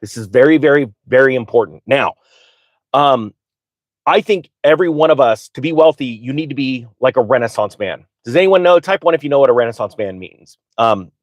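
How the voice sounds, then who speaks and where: An excitable man hosts a live finance stream in a dry, close-miked sound with no room around him. He talks off the cuff, stumbles and restarts his sentences, and keeps turning to the viewers and asking them to answer him. His pitch sits in the middle range. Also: a little fast, dry recording. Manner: excitable, restarts and stutters often; direct, addresses viewers and asks them to type answers. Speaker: finance livestream host. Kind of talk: live unscripted finance talk.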